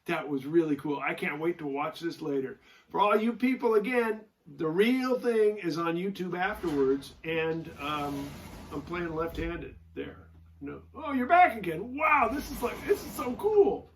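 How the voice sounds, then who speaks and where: A man's voice: on the high side, expressive, moderate pace, a little hiss or hum. A man hosting a casual live stream, rambling and joking between stories. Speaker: host.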